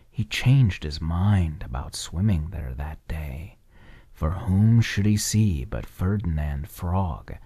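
A man reading an old children's bedtime story in a soft, gentle whispered role-play. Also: deep voice, breathy edge. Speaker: ASMR storyteller.

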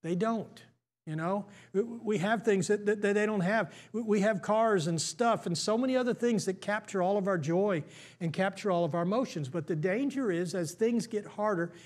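A man's voice: high voice, normal speed, darkish tone. An American man, a pastor, preaching a sermon in a conversational way, full of restarts and stammers.

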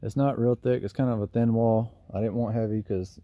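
On a casual DIY how-to vlog, a lawn care business owner with a Southern US accent walks through a project outdoors by his trailer, rambling in a folksy, self-deprecating way. His voice is lowish, steady, brisk and mellow. The camera mic picks him up with no echo.

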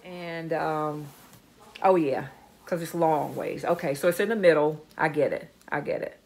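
A woman's voice: low voice, measured pace, vocal fry, darkish tone. A woman chatting casually to camera at home, gushing over a haul and repeating words for emphasis. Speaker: vlogger showing a dumpster-diving haul. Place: home, indoors.

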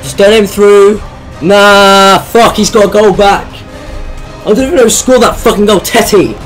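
A man with a hoarse, damaged voice, giving excited, sweary commentary on his own football video game match and yelling at goals. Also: sits high, moderate pace, soft background music. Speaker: gaming YouTuber.

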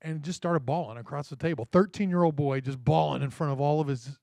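A pastor delivers his sermon in a friendly, storytelling way and keeps turning to his listeners for a reply. He is a man whose voice sits a bit higher than most, and it is heard close and dry. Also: a little fast, vocal fry, mellow, no room sound. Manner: conversational storytelling, checks in with the congregation. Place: church.

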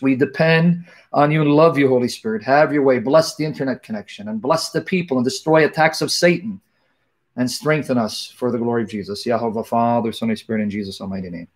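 A man's voice: mid-range voice, brisk. A middle-aged man hosting a live online talk, joking casually with viewers and then praying fervently in long, repetitive invocations. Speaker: livestream host.

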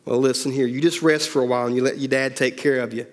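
A man's voice: medium pitch, steady tone, fast, long reverb tail, natural voice. A male pastor voicing a worried, loving father in a sermon story, earnest and pleading. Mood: reassuring. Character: anxious, loving middle-aged father.

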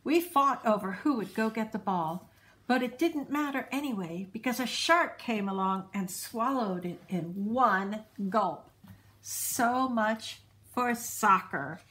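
A woman reads a children's storybook aloud in a slow, unhurried way. Her voice is bright and fairly high, and it rises and falls a great deal as she tells the story. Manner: expressive, unhurried read-aloud.

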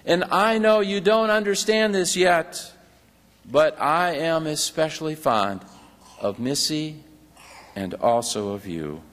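A man reading the lines of a tender, motherly female God figure softly and gently. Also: on the high side, lively intonation, takes it slowly, in a large hall.

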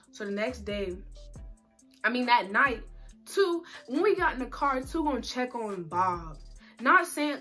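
A young woman, telling a long story in a rambling, animated way full of slang. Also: medium pitch. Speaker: storytime vlogger. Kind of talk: casual storytelling.

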